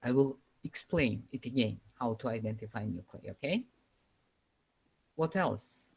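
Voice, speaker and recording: A woman lecturing a university class over a live online call, pausing often and searching for words with fillers. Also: a bass voice, animated, vocal fry, a little mellow, husky. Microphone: computer microphone over a video call.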